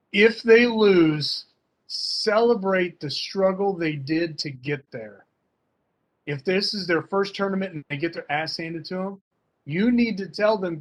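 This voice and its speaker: A man talking casually and emphatically as a fencing coach in an online workshop, full of slang. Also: sits high. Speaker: fencing coach and guest speaker.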